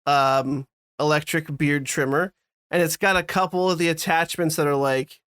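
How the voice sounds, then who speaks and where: A man's voice: a little high, fairly even intonation, moderate pace, a bit bright, clear, resonant tone, no room sound, clean studio sound. A man co-hosting a podcast, telling a rambling, self-deprecating story in casual chat with frequent restarts. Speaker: podcast co-host.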